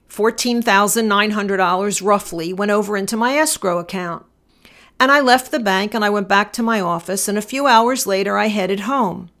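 A middle-aged woman attorney telling a personal story and reflecting on it in a measured, deliberate way. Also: mid-range voice, fairly bright tone. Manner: measured, deliberate, slowing for emphasis.

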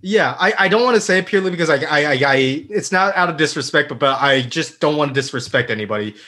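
A man's voice: fairly high pitch, fast talker, pushed and bright. A man co-hosting a casual podcast, giving heated opinions and swearing freely. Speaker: podcast co-host. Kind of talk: casual chat.

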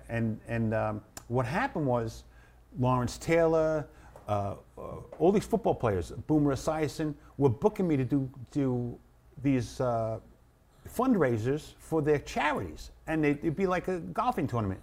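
Sixties comedian guy telling stories, acts stuff out, mid pitch voice. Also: normal speed. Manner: animated, acts out bits. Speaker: comedian guest. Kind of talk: casual storytelling.

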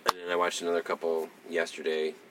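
A young man co-hosting a podcast, chatting casually with rambling, profane, animated storytelling. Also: low voice, fast talker, far from the mic, heavy background noise. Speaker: podcast co-host. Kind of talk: casual chat.

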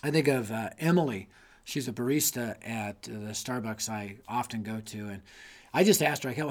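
A middle-aged man giving an energetic, conversational teaching talk on youth ministry, emphatic and folksy, full of asides. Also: medium pitch, normal speed. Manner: emphatic, conversational, lots of 'man' and 'you know'.

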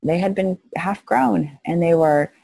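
A woman's voice: on the low side, measured pace, vocal fry, no room sound. A middle-aged woman, a missionary guest in an interview, telling stories with animation and acting out the people she quotes. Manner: animated storyteller, acts out quoted voices. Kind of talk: storytelling interview.

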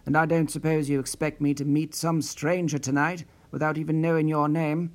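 A man's voice: fairly high pitch, flat delivery, moderate pace, natural voice. A man playing a prim, wary retiree. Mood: indignant. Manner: prim, indignant, formal. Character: wary older male retired office worker.

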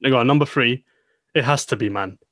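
Bantering man, mid-pitched voice. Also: a little fast, fairly bright tone, dry recording, studio quality. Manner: playful, bantering. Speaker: podcast co-host. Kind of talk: casual chat.

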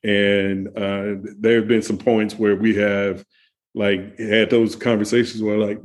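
A man's voice: lowish voice, level tone, takes it slowly. A man telling road-trip stories in casual chat, laughing often and restarting his sentences. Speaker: guest. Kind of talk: casual conversation.

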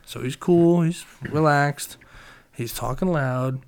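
A young man casually telling a story, swearing often and loudly acting out his friends' lines. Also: on the high side, slow, clear, resonant tone. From Reading, Pennsylvania.

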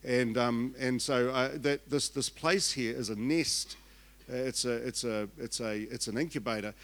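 Chatty older Kiwi pastor, joking. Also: male voice, mid-range voice, steady tone, unhurried, fairly bright tone. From New Zealand. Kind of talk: sermon.

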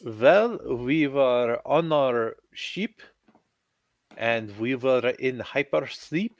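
A man voicing an earnest stranded doctor who speaks in broken, halting English. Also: medium pitch, expressive, no room sound.

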